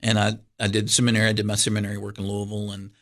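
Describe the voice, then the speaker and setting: Bright-voiced man telling a story. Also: fairly low pitch, rapid-fire. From Kentucky, USA. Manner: rambling, animated storyteller with many fillers and restarts. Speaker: pastor, guest. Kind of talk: casual storytelling interview.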